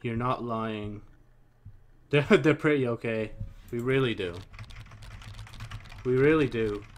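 A man's voice: mid-range voice, slow pace, a little hiss or hum. A young man hosting a let's play, casually reading chat messages aloud and commenting as he types, swearing now and then. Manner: casual, mumbling, swears freely, reads and types as he talks. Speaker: gaming channel host.

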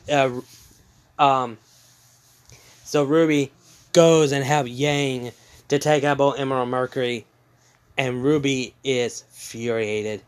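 A man casually retelling a fan story, halting with many fillers and restarts. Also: medium pitch.

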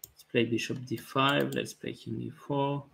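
Guy streaming chess, slow and gravelly, thinks out loud, keyboard clicking. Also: mid-range voice, a little hiss or hum. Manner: calm, thinking aloud move by move, light joking. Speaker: chess grandmaster streaming live games. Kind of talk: live-stream commentary on his own play.

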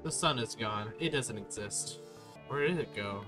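A man's voice: on the low side, expressive, normal speed. A young man giving playful, rambling gaming commentary, repeating silly words in sing-song loops. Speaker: gaming video creator. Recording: game music behind.

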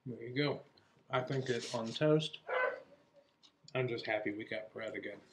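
Regular guy, mid-pitch voice, rambling on about his week on a home vlog. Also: a little slow, background noise. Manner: relaxed and rambling, with laughs. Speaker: co-host of a keto vlog channel. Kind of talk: casual chat.

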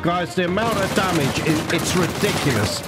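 A man's voice: high-pitched, lively intonation, moderate pace. A man giving live commentary on a video game, frustrated and swearing often. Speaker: gaming streamer. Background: game music and gunfire.

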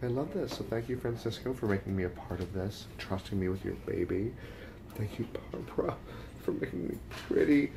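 A young man, an actor, chatting in a behind-the-scenes vlog from a film set, excitable at times and then quiet and reflective. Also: lowish voice, brisk, vocal fry, a little hiss or hum.

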